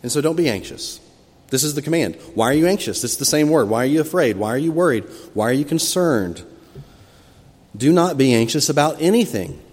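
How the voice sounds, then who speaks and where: A male pastor delivering a sermon, telling the story expressively and rising loudly when he acts out the disciples' cries. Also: on the high side, brisk. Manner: expressive storytelling, acting out quoted cries with sudden loud rises. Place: church sanctuary. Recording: long hall reverb from a church.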